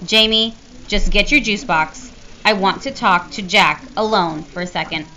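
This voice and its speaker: A woman's voice: mid-range voice, measured pace, bright, forceful tone. A woman voicing a caring mother who scolds her sons earnestly. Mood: scolding. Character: caring but firm mother.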